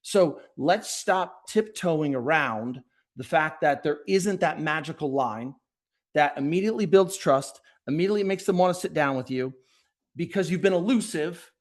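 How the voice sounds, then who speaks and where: A man being interviewed on a podcast, speaking directly and energetically, often acting out quick bits of sales dialogue. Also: on the high side, expressive. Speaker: podcast guest, sales leader. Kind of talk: conversational interview.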